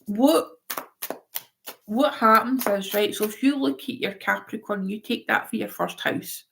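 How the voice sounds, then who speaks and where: A woman's voice: medium pitch, measured pace, vocal fry, a bit bright, slight background noise. A woman giving a live-stream tarot reading in a chatty, rambling way, often going off on tangents. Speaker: tarot reader.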